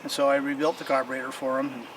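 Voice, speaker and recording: This is casual show-and-tell storytelling: a man outside with his old bicycles, rambling in a folksy manner. His medium-pitched voice is flat and racing, and the distant recording carries clear outdoor noise.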